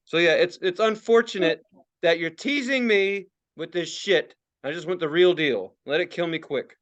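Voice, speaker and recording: A man's voice: high voice, moderate pace, a bit bright, highs cut off. A man in his forties ranting and swearing as a podcast co-host, laughing often in casual talk. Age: 40s. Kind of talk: casual profane podcast rant.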